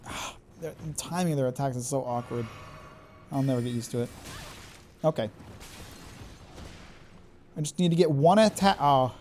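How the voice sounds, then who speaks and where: A man streaming a video game live, reacting excitably, swearing and taunting the enemies he fights. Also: medium pitch, moderate pace, long pauses, slight background noise. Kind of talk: live gameplay commentary.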